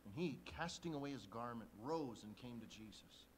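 A man preaching a sermon as a pastor, shifting from quiet, intimate talk to loud emphasis. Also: mid-range voice, expressive, normal speed, a little hiss or hum.

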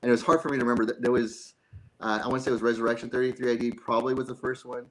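A man's voice: mid-range voice, level tone, very fast, fairly bright tone, poor audio. A man being interviewed as a guest actor, chatty and self-joking, often laughing. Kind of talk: casual interview chat.

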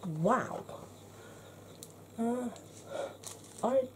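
A woman's voice: fairly high pitch, lively intonation, extremely slow, noisy background. A middle-aged woman chatting frankly to camera in a makeup review, slipping into a half-whisper while she blends and cracking dry jokes. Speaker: beauty vlogger.

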